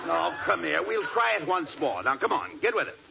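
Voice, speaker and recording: A man's voice: on the high side, lively intonation, normal speed, vocal fry, very noisy. A man doing 1940s radio comedy as an exasperated, bossy straight man. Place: radio studio before an audience. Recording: lo-fi old radio broadcast with audience. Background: studio audience laughter.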